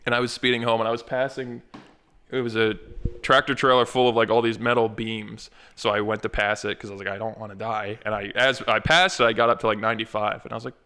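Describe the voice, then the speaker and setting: A young man co-hosting a podcast, telling rambling, animated stories in casual chat. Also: medium pitch, fast talker, smooth. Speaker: podcast co-host.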